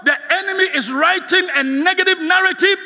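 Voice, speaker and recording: With an extremely high pitch and a slightly fast delivery, a man preaches a sermon as guest speaker, passionately shouting for the congregation to respond. The church sanctuary gives a big-room sound.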